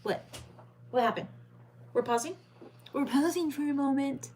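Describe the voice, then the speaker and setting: A woman's voice: sits high, normal speed, darkish tone. A woman hosting a late-night livestream, chatting with viewers by name and reading crime headlines aloud. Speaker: livestream host.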